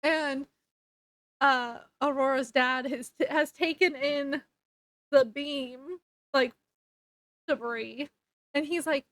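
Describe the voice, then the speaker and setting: A woman's voice: high voice, steady tone, slow pace, long pauses, fairly bright tone, no room sound. A woman casually recapping a book's plot for her review channel, rambling with fillers and self-corrections. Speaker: book reviewer. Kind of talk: casual book review vlog.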